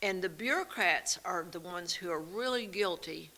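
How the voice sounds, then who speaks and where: Bright-voiced woman co-hosting. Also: lowish voice, moderate pace. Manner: storytelling, animated, laughs often. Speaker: co-host. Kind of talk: casual talk show chat.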